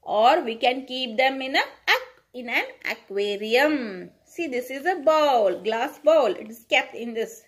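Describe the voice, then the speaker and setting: A young Indian woman teaching small children, speaking slowly in a sing-song way and repeating words for them to echo. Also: high-pitched, expressive. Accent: Indian English. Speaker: pre-primary school teacher. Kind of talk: online lesson for small children.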